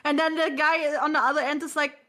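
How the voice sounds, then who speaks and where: A woman's voice: sits high, level tone, brisk, bright, forceful tone. A young woman hosting a casual podcast chat, swearing freely, laughing often and restarting her sentences. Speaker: podcast host.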